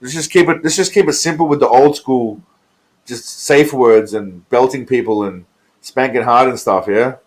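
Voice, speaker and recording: A man's voice: mid-range voice, moderate pace, rough recording. An Australian man chatting casually on his live stream, crude and profane as he reacts to viewer comments.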